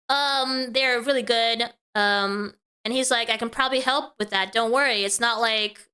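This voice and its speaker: A woman VTuber commentator reading messages aloud and reacting to them, rattling off the quoted lines quickly and breaking off with exasperated exclamations. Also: high-pitched, bright, forceful tone, clear, resonant tone.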